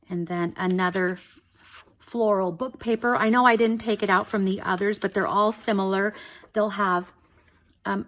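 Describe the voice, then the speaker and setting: A woman hosting a casual craft flip-through video, excited and gushing, often saying "you guys" and a little out of breath. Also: medium pitch. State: slightly out of breath. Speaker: craft channel host.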